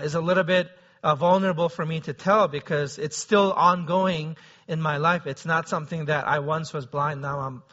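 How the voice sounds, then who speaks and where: Male pastor with a high, crisp voice and a conversational preaching manner, on a dull low-fidelity recording. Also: fairly bright tone. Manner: conversational, often asks the listeners "right?". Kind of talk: sermon.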